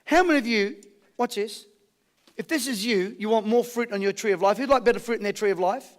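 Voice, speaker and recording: A man with an Australian accent giving a high-energy motivational seminar, rallying a live audience with questions and call-and-response. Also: fairly quick. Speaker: motivational speaker.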